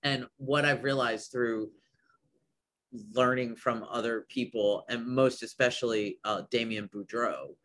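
A man's voice: medium pitch, steady tone, unhurried, fairly bright tone. A man who owns a business, speaking as a podcast guest with enthusiasm and many trailing restarts. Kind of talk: casual podcast conversation.

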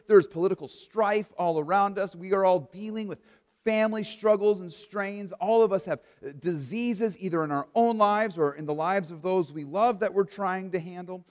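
Earnest pastor preaching in a reverberant hall. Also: male voice, high-pitched, a little mellow. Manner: earnest, rhetorical questions, frequent restarts. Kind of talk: sermon. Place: church or studio for an online service.

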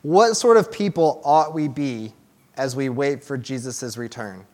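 A man's voice: mid-range voice, unhurried, darkish tone. A young man giving a casual, conversational sermon to a small church group, with restarts and fillers as he talks to the room. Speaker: church teacher.

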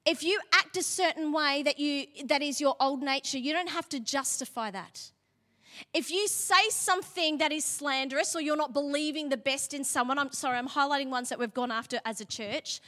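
A woman's voice: high-pitched, a little fast, sharp tone. A woman pastor giving a sermon, telling a personal story in a chatty way with laughing asides and building into emphatic preaching. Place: church hall. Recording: long hall reverb.

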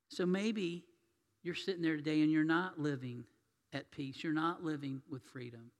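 A man preaching a sermon as pastor, telling stories and swinging between loud and hushed delivery. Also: a little high, steady tone, normal speed. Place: church sanctuary. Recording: long reverb of a church hall.

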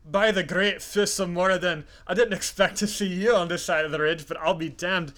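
رجل يؤدي صوت حداد قزم عجوز صاخب بلكنة اسكتلندية إيرلندية. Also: male voice, sits high, steady tone, normal speed, fairly bright tone, voice pushed up. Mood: hearty greeting. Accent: put-on Scottish-Irish. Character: gruff older dwarf blacksmith, hearty and boisterous.

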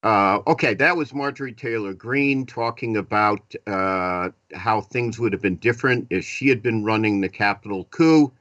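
A man's voice: fairly low pitch, moderate pace, few pauses, a bit bright, dry recording, highs cut off. A man with a Boston accent hosting a live political talk radio show, chatty and self-deprecating, with frequent "uh" fillers.

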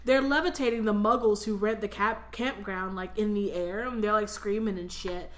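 A young woman casually recapping a book with crude, animated asides. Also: medium pitch, a little hiss or hum. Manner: crude, animated retelling with quick voiced asides. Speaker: podcast co-host recapping a book. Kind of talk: casual profane chat. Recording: echoey room.

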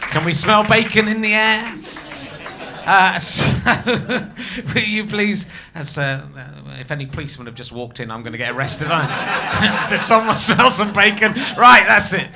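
A man's voice: sits high, expressive, moderate pace, vocal fry. A man hosting a comedy show, bantering playfully with the crowd as he introduces the next act. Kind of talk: introducing acts to a live audience. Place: comedy club stage. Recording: live room with loud crowd.

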